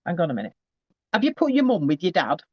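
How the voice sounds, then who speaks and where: Chatty man, fairly high voice. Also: huge pitch swings, no echo. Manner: chatty, halting, restarting phrases. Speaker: psychic medium. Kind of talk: live spirit reading to a sitter. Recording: slightly dull, dry recording.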